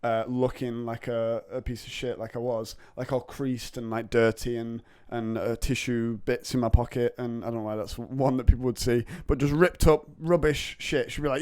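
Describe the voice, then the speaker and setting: A man's voice: mid-range voice, little pitch movement, darkish tone, clean tone, dry recording, studio quality. A man hosting a podcast, chatting casually and telling rambling, jokey stories. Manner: jokey, rambling, quick to laugh. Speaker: podcast host.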